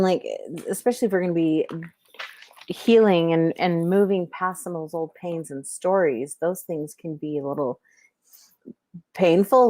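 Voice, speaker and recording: A woman's voice: low-pitched, a little mellow, no room sound. A middle-aged woman hosting a livestream, chatting casually with viewers and giving intuitive readings, rambling with many fillers and restarts.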